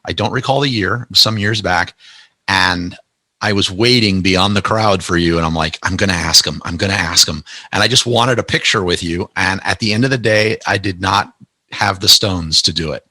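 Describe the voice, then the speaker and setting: Eager guy hosting a podcast, kinda low voice, forceful, dry close mic. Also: normal speed, dry recording. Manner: eager, repeats and restarts words. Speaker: podcast host. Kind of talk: casual interview chat.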